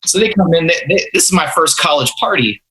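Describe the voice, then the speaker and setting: Bright-voiced young man telling rambling stories. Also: a little high, expressive, fast talker, slight background noise, rough recording. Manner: rambling, self-mocking, quotes his past self. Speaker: podcast host. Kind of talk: casual storytelling.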